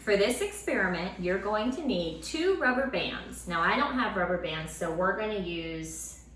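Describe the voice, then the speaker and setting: Woman teacher, lively and encouraging with kids, swooping voice, roomy sound. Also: mid-range voice, normal speed, slight background noise. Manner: lively, encouraging, speaks to children. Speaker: Sunday school teacher. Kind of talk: children's lesson. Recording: roomy room sound with faint ambience.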